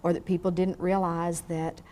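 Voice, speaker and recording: A woman lecturing a class on grief in a frank, lively way, often asking the room questions. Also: lowish voice, moderate pace, slight background noise. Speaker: grief educator. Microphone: on camera, room mic.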